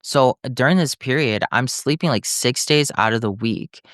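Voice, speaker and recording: A man's voice: mid-range voice, moderate pace, dry recording, studio quality. A young man, a podcast guest, telling his story in conversation and acting out what others said to him. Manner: animated storytelling, acting out other people's lines, frequent "like".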